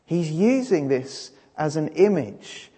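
Male preacher, emphatic sermon delivery, fairly high and husky, long hall reverb. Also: sing-song, slow, dark tone. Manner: emphatic, rising and falling delivery.

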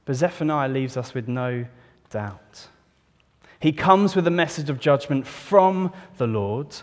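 A man preaching a sermon in a church, reading scripture solemnly and putting earnest questions to his listeners. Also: on the high side. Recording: long reverb of a church hall.

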